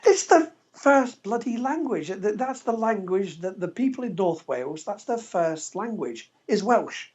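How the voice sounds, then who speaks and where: A man's voice: high voice, expressive, measured pace, few pauses, darkish tone, breathy edge. A man from England, a podcast guest, telling stories animatedly and laughing often. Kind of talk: casual interview storytelling. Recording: dull lo-fi podcast recording.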